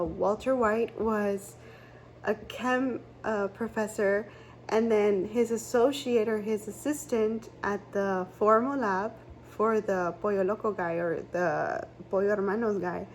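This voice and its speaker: A woman's voice: medium pitch, a little hiss or hum. A woman giving a casual tarot reading, rambling and chatty with many fillers and restarts. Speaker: tarot reader.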